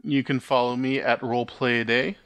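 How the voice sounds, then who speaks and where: A man's voice: mid-range voice, little pitch movement, brisk, fairly bright tone, clear, resonant tone. Easygoing male game master, casual sign-off, mid-range voice.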